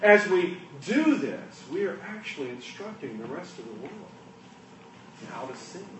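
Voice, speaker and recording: Male pastor, high and very lively voice, slow and emphatic delivery, hushed to loud, echoey room picked up from a distance. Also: very noisy. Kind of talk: sermon.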